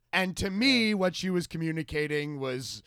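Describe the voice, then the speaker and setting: A man's voice: fairly high pitch, expressive, unhurried, dry recording. Wry storytelling man, dry sound. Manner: wry storyteller, bursts into loud mimicry. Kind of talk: casual podcast chat.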